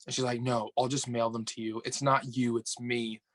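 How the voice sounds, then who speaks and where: A young man from upstate New York, a podcast guest telling a dating story in casual chat, animated and swearing, acting out the dialogue. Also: mid-range voice, normal speed, no room sound.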